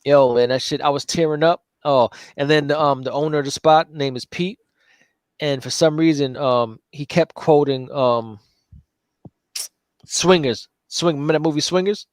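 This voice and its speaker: A man co-hosting a casual livestream chat, telling stories in an animated, profane way. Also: a little high, moderate pace, no echo. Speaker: co-host and comic creator.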